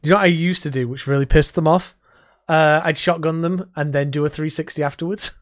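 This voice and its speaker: A man with a slightly high voice talks fast while co-hosting a casual gaming podcast. He rambles through animated stories and swears heavily as he goes.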